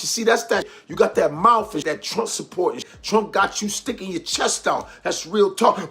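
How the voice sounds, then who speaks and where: Comedian, man from New York, casual animated commentary. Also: high voice, moderate pace, few pauses. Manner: loose, animated storytelling.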